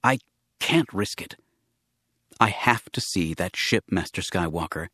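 A man voicing a tense, secretive man who speaks quietly and pleads in a guarded way, read as a scripted audiobook. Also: low-pitched, animated, a little slow, slightly rough, no echo, full character voice. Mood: pleading. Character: tense secretive man driven by a private grief.

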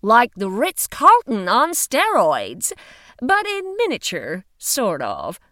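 A woman reading an audiobook, voicing a brisk, chatty female investigator who speaks eagerly and openly. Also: a little high, wildly swooping pitch, bright, forceful tone, no echo, studio quality, pitched above the performer's own voice, exaggerated voice. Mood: chatty, candid.

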